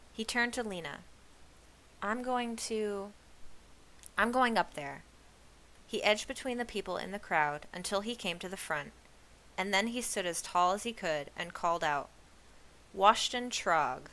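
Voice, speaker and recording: A woman reading a children's novel aloud in an expressive storybook style. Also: mid-range voice, slight background noise. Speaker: reader of a children's book.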